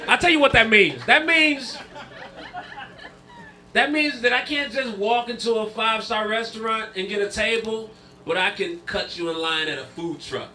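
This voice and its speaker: A man's voice: high voice, normal speed. A man performing a stand-up routine, telling stories with punchy, repeated punchlines. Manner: animated storytelling, punchy repeated lines. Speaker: stand-up comedian. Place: comedy club stage. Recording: live club, audience laughter. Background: audience laughter.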